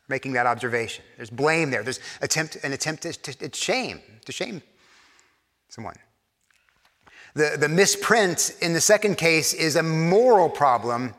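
In a church full of long reverb, a man's slightly high, somewhat bright voice carries a conversational sermon. The pastor repeats words frequently and performs imagined quotations.

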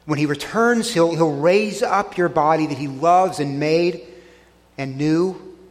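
A middle-aged pastor delivers an earnest sermon in a church sanctuary, his voice sitting a bit high for a man. He often sinks quiet and low to press a point home. A long reverb trails each phrase through the hall. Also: unhurried. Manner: earnest preaching, dropping soft and low on key lines.

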